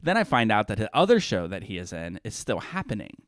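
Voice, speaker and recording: A man's voice: lowish voice, big pitch swings, fairly quick, dry recording, studio quality. A man co-hosting a casual podcast, telling stories in a rambling way and often correcting himself. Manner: rambling storyteller, self-correcting. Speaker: podcast co-host. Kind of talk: casual chat.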